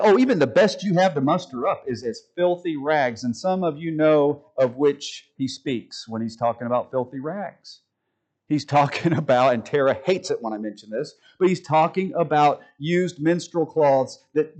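A man preaching a sermon to his church, his voice sitting a little higher than most men's. He talks in a folksy way and slips joking asides to the congregation between his points. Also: expressive, moderate pace, darkish tone, rough recording. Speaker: pastor. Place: church sanctuary.

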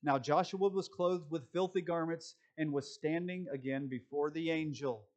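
A man preaching a sermon, moving between quick conversational asides and slow, deliberate scripture reading. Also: a little high, darkish tone. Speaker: pastor.

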